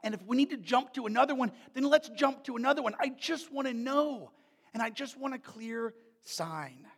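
Animated, high-voiced preacher man, gravelly. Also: normal speed, long reverb tail. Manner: animated, conversational, joking asides. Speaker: pastor. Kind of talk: sermon with scripture reading and prayer. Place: church sanctuary.

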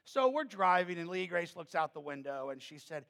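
A middle-aged man, preaching a sermon as pastor and telling stories in an animated way that builds to emphatic peaks. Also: fairly high pitch, moderate pace, creaky. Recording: long reverb of a large hall.

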